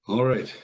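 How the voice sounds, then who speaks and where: A man hosting an online event, earnest and effusive, a little flustered and often restarting his sentences. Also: rough recording. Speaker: event host. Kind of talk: emotional live event hosting.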